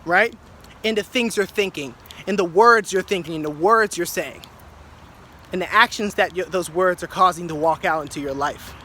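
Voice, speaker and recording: A man's voice: high-pitched, normal speed, pushed and bright, slight background noise. A man musing aloud in a loose, improvised reflection, playing with words and often restarting his phrases. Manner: wordplay-driven musing with restarts and repetition. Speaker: speaker sharing reflections.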